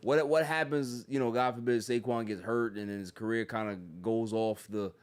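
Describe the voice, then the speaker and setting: A man hosting a casual sports podcast, slangy and animated, slipping into quick impressions of people. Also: mid-range voice, clean tone. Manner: animated, slangy, mimics people mid-story. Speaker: podcast host.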